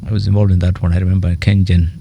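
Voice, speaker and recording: A low-pitched man with a Kenyan accent and a gravelly, creaky voice. He speaks as a guest economist on a radio interview and tells animated stories with quoted asides. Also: very fast, a little hiss or hum.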